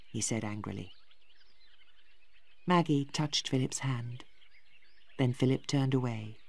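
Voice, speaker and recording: A woman narrating a simplified story for English learners, slow, clear and expressive. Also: extremely low pitch, no room sound.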